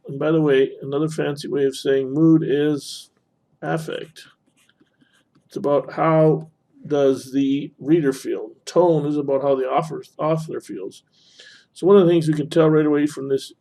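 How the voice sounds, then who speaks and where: A man's voice: fairly high pitch, creaky, mellow. A man teaching a literature lesson over a screen recording, explaining as he annotates, with frequent fillers and self-corrections. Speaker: instructor.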